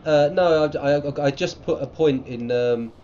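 A man's voice: on the high side, unhurried, mellow. A man streaming a game and chatting casually with a friend, chatty and prone to mock-exasperated outbursts. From United Kingdom. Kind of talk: casual co-op gaming chat. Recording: muffled lo-fi stream audio with clear background noise.

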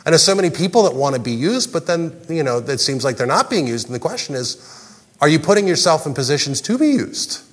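A man's voice: a little high, big pitch swings, fast talker, long reverb tail. A male pastor preaching a sermon in an earnest way, often repeating words as he presses a point.

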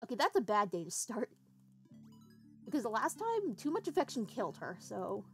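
Lively-voiced woman streamer chatting casually. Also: on the high side, normal speed, faint music behind. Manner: chatty, swears casually, talks to chat. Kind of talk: casual livestream chat while gaming.

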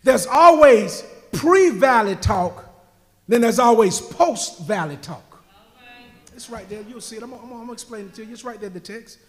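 A pastor delivers a fervent sermon in a very high voice, circling back to the same phrases and building to shouts. His words ring out in a church sanctuary with a long, trailing reverb. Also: expressive, normal speed. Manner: fervent preaching, rising to shouts, repeats phrases.

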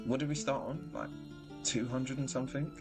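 A man giving casual commentary while streaming a video game. He is animated and excitable, and he laughs often. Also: medium pitch, normal speed. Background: game music.

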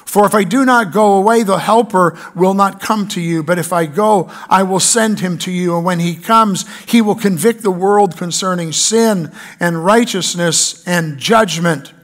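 A man's voice: high-pitched, unhurried, hardly any pauses. A man preaching a sermon in church, reading scripture aloud and building emphasis on key lines. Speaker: pastor.

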